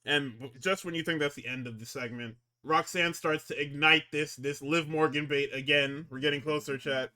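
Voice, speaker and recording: A man's slightly high, pushed and bright voice runs at a moderate pace with fairly even intonation and hardly any pauses. He co-hosts a wrestling recap podcast, rambling casually, swearing constantly, and tripping over his words as he restarts.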